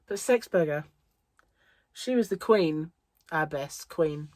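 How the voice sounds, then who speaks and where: A woman's voice: low-pitched, lively intonation, slow, long pauses, darkish tone, dry recording. A middle-aged woman vlogging about crochet, chatting in a rambling way and laughing often. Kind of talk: casual chat. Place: home on an English island.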